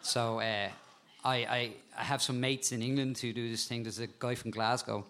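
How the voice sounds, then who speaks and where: A man with an animated way of telling stories, a guest talking casually about insects and spiders and laughing at times. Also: mid-range voice, moderate pace. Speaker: guest, insect and frog expert. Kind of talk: casual storytelling chat.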